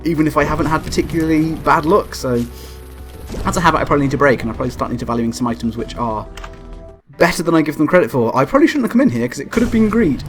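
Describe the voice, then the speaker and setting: Young male gameplay commentator, very animated pitch, sweary and excitable. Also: rapid-fire, faint music behind. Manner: excitable, yelps and shouts at the game when frustrated; swears and laughs often. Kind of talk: let's play commentary.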